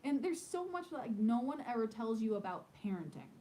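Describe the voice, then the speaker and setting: A woman in her thirties, a podcast host, chatting casually and telling animated stories with lots of "like". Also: a little high, fairly quick, poor audio. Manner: chatty, animated storytelling with many "like"s. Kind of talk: casual chat.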